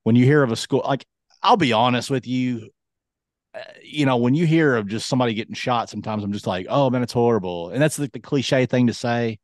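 A man's voice: medium pitch, a little fast, dry recording, studio quality. A man in his thirties co-hosting a casual podcast, talking earnestly and dropping his voice when serious. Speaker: podcast co-host. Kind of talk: casual chat.

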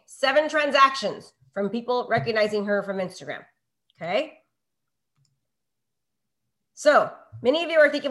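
Middle-aged female real estate coach, bright higher pitch, energetic, runs a live online class with constant "okay?" check-ins. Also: normal speed, long pauses. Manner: energetic, peppers talk with rhetorical questions and "okay?".

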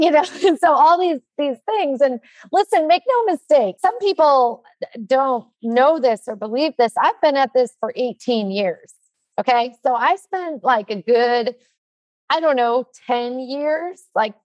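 A woman in her forties leads a casual podcast conversation, chatty and animated, with fillers tumbling between her points. Her voice sits a little high, and the recording is dry and close with no room sound. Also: unhurried, no room sound. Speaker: nonprofit leader announcing trainings.

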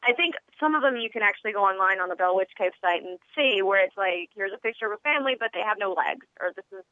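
A woman's voice: medium pitch, fast, dry recording. Chatty Southern woman on a phone line. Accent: Southern American. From Tennessee. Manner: chatty, laughs easily, animated quoting. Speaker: caller. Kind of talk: casual phone-in storytelling.

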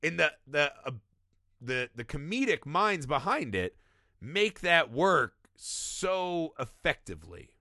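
A man in his thirties talks through a film in a loose, animated way, swearing and slipping into voices for the lines he quotes. His voice is bright, forceful and a bit high. The recording is close and dry. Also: slow, no room sound. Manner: animated, profane, acts out quotes. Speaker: podcast co-host. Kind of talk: casual movie discussion.

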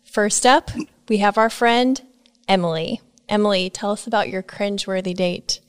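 A woman hosting a podcast, reading a scripted intro in a measured, wry way. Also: mid-range voice, clear, resonant tone, dry recording, clean studio sound. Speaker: podcast host.

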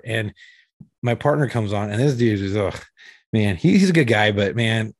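A police officer telling a story in casual chat, acting out the dialogue and swearing freely. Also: male voice, lowish voice, lively intonation, moderate pace, no room sound.

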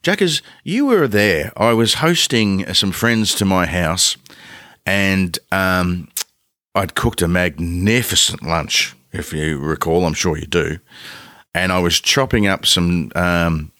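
A man's voice: deep voice, slow, fairly bright tone, no echo, studio quality. A man co-hosting a podcast, chatting casually in a jokey, rambling way and laughing often. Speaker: podcast co-host. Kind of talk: casual chat.

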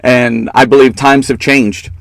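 A man's voice: medium pitch, fairly even intonation, measured pace, vocal fry, no echo, rough recording. A man co-hosting a casual political talk show, giving opinionated and mocking commentary. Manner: opinionated, mocking, laughs often.

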